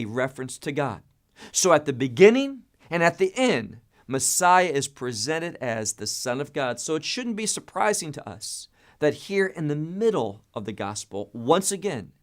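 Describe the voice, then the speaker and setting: A man teaching a Bible study, emphatic and stressing key words, with frequent repeats and restarts. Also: on the high side.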